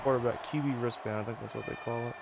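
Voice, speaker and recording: A man casually commentating his own football video game run, offhand and swearing, with sudden excited outbursts. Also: mid-range voice, rapid-fire, vocal fry, music in the background. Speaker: gaming channel host. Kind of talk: casual let's-play commentary.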